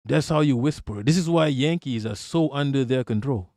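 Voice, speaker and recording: A man's voice: medium pitch, moderate pace, darkish tone, dry recording, studio quality. Blunt, profane man ranting on stream. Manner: emphatic, repetitive, profane, with frequent restarts and rhetorical questions. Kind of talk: casual livestream rant.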